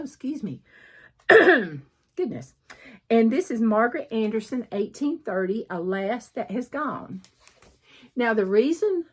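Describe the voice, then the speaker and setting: A middle-aged Southern woman with a husky, slightly breathy voice, talking through her needlework in a loose, rambling way. She keeps pausing to clear her throat. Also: a little high. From southern United States. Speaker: cross stitch vlogger. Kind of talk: casual chat showing needlework projects.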